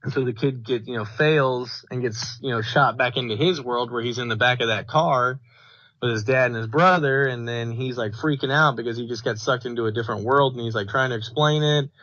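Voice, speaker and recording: A man's voice: medium pitch, brisk, fairly bright tone, dry recording. A man casually reviewing a movie on a podcast, rambling with lots of fillers and retelling scenes. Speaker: podcast co-host. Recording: dull lo-fi dry recording.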